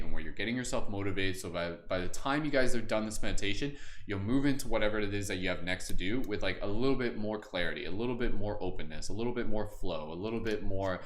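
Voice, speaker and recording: Chill guy w a lowish voice leading a live meditation, echoey room, bit of hiss. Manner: relaxed, laughs often, slow soothing guidance. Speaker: meditation host. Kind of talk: live-streamed guided meditation and chat. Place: indoor room, live stream. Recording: echoey room with faint ambient noise.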